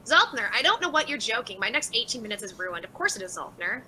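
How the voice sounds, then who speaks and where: A woman's voice: fairly high pitch, big pitch swings, fast, sharp tone, a little hiss or hum, low-quality recording. A woman hosting a casual livestream, reading out viewer chats and answering them by name in a sarcastic, laughing way. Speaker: livestream host.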